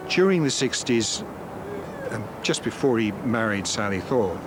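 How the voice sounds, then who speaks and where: A man giving measured, summarizing commentary on an actor's early career for a documentary. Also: lowish voice, lively intonation, music in the background, rough recording. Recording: loud outdoor traffic noise.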